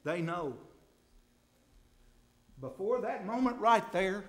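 A man preaching with real fire, his voice sitting high and leaping all over the place. He talks straight to the congregation in a folksy way. He drops to hushed asides, then builds to loud, ringing peaks. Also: very animated, takes it slowly, long pauses. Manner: impassioned, swings from hushed to loud climaxes. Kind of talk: sermon.

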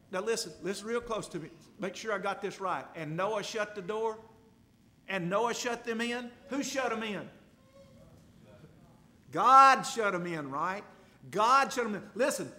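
A man preaching a sermon, dramatic and emphatic, repeating phrases and swinging from loud to hushed. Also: high voice.

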